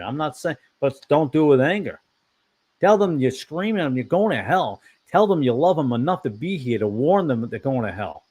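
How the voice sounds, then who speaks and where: A man's voice: mid-range voice, animated, brisk, darkish tone. A man hosting an online fellowship talk, preaching in a casual, rambling way, giving blunt opinions and often correcting himself. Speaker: online fellowship discussion host.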